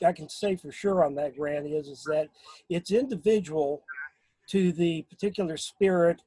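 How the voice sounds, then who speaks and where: A man talking casually in a remote group discussion, halting, with many fillers and restarts. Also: fairly high pitch, warm tone, breathy edge, dry recording, rough recording. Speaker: guest on a paranormal discussion.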